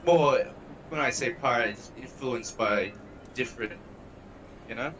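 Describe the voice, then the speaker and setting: A man's voice: mid-range voice, a little slow, fairly bright tone, slight background noise, poor audio. A man playing a tabletop game, chatting in a hesitant, friendly way. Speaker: player. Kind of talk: casual tabletop game talk.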